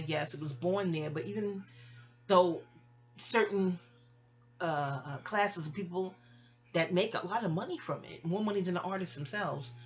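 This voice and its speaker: A woman in her fifties from New York tells a personal story in a loose, casual way. She wanders into side topics and corrects herself mid-sentence. She voices remembered lines at a higher pitch. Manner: rambling, with asides and self-corrections; acts out remembered dialogue with raised pitch.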